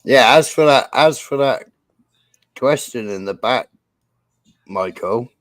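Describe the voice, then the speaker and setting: A man's voice: mid-range voice, expressive, slow pace, no room sound. A man on a live stream panel who rambles and explains with lots of fillers and casual swearing.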